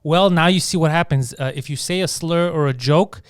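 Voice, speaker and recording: Guy ranting fast on a podcast, swears a lot, crisp dry sound. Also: a little high, no room sound. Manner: rapid, profane ranting with lots of restarts. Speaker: podcast co-host. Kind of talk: casual comedy podcast chat.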